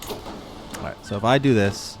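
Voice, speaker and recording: A young man casually commenting on his own strategy game, muttering to himself and flaring up to yell at his units. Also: on the low side, a little slow, background noise. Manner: talks to himself, flares up yelling at his units. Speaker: streamer playing a strategy game. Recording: game music underneath. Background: game music.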